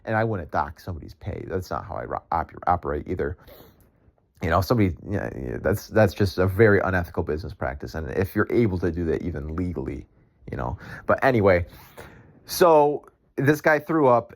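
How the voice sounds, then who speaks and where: A man's voice: low-pitched, lively intonation, brisk, vocal fry. A young man, a podcast host, tells a rambling story in casual speech, full of filler words and swearing. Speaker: podcast host and ice cream vendor.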